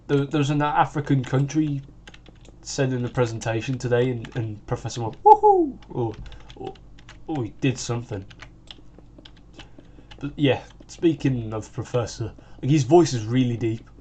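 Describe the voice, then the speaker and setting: A man's voice: mid-range voice, moderate pace, long pauses, warm tone, husky. A sixteen-year-old boy with a British accent, chatting in a rambling way while he plays, full of "like" and restarts. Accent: British English. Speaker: gaming channel host. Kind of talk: casual chat while gaming.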